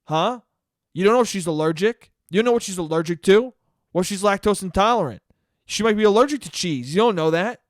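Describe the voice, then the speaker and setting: A man's voice: high-pitched, expressive, brisk, no room sound, studio quality. A man imitating a controlling mother who scolds her son. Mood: scolding.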